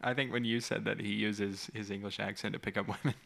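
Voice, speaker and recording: A man's voice: lowish voice, fairly even intonation, fast, gravelly, a bit bright. A man co-hosting a casual chat, laid-back and playful, teasing his co-host and chuckling often. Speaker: podcast co-host. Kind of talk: casual chat recapping a reality show.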